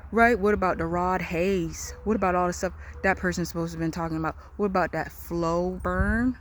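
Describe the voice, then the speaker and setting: Rambling, profane woman thinking out loud. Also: fairly low pitch, fairly even intonation, brisk, a little hiss or hum. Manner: rambling, repetitive, profane, loose trains of thought. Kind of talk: rambling monologue.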